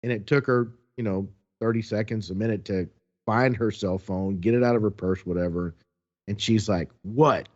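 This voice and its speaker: A man casually telling a story as a podcast co-host, animated, acting out the quotes. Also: lowish voice, moderate pace, highs cut off.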